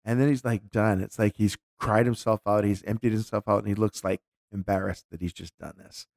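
A man with a low, gravelly voice tells a personal story in a relaxed, candid way, often circling back and restarting his sentences. The sound is close and dry. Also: a little fast, dry recording. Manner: candid, reflective, with frequent restarts. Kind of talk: casual conversational storytelling.

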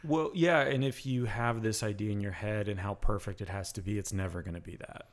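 A man with a low, gravelly voice co-hosts a podcast in easygoing conversation. He jokes dryly and pauses to think mid-sentence. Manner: joking, thinks aloud with pauses. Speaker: podcast co-host. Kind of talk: casual chat.

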